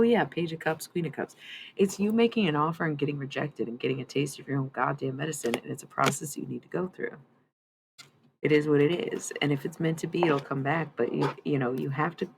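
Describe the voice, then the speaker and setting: Gravelly, chatty woman reading tarot. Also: a bass voice, slight background noise. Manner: rambling, chatty, swearing freely. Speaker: tarot reader and streamer. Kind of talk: casual livestream chat and tarot reading.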